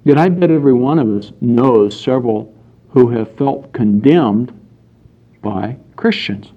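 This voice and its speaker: A man's voice: medium pitch, measured pace, lo-fi sound. Conversational male preacher. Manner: storytelling with acted-out quotes, conversational. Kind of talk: sermon.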